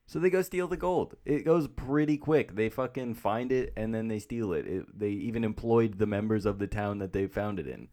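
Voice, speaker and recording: Casting note: man, lowish voice, deadpan and sarcastic movie-podcast co-host. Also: normal speed, few pauses. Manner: dry, sarcastic, profane. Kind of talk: casual movie chat.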